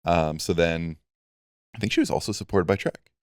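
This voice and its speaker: A man's voice: deep voice, moderate pace, a little mellow, clear, resonant tone, no room sound. A man co-hosting a podcast, chatting in a laid-back way with dry quips. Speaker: podcast co-host. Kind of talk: casual chat.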